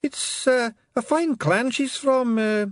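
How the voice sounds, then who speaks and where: A man's voice: very high voice, takes it slowly, dry recording, clean studio sound, pitched above the performer's own voice. A man voicing a tiny, nervous male pixie with a Scottish accent who stammers and hesitates. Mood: bashful.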